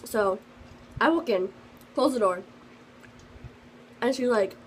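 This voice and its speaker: A woman's voice: a little high, animated, takes it slowly, a little hiss or hum, low-quality recording. A teenage girl telling a story in a casual vlog, rambling with lots of fillers and restarts. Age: teens. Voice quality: sensitive, earnest storytelling. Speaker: vlogger.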